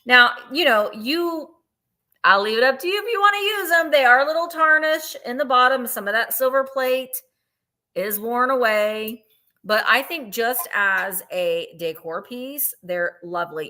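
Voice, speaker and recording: A woman's voice: a little high, pushed and bright. A woman hosting a live online vintage sale, chatting and gushing over each piece while counting down bids. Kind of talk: live online sales chat.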